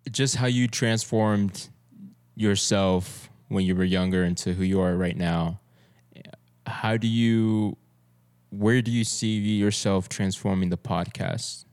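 A man with a low voice hosts a podcast. He asks questions in a loose, laid-back way and throws in a casual swear now and then. He sounds like he is in relaxed conversation. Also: takes it slowly, smooth. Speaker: podcast host. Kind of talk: casual interview chat.

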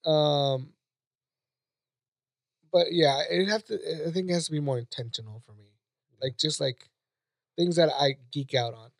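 A man's voice: a little high, measured pace, long pauses. A man co-hosting a podcast in casual chat, rambling and hesitant with many restarts. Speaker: podcast co-host.

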